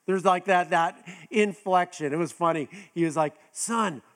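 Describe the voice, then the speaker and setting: A man's voice: steady tone, normal speed, fairly bright tone. A middle-aged man preaching a sermon in a conversational way, with many restarts, now and then acting out quoted voices. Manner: acts out quoted voices with raised pitch. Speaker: pastor.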